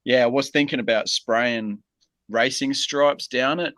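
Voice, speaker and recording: Laid-back Australian man, bright voice. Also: medium pitch, fairly even intonation, dry recording, poor audio. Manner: laid-back, unhurried, many pauses and ums. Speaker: guest. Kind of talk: casual video-call interview.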